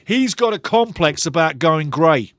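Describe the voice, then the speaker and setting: A man's voice: on the high side, lively intonation, a little slow, a bit bright. A man hosting a live football watchalong, talking passionately and ranting about refereeing calls in a chatty way. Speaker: watchalong host.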